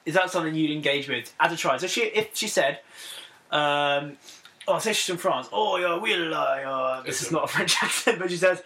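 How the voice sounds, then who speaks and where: A man's voice: fairly high pitch, brisk, pushed and bright, low-quality recording. A young man hosting a casual podcast chat, reading out items and steering the talk with frequent laughs. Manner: leads topics, reads items aloud, laughs often. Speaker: podcast host.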